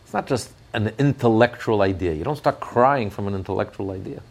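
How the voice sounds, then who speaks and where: A man's voice: on the low side, brisk, gravelly. A man giving an impassioned sermon as a rabbi, often restarting his words as he searches for them.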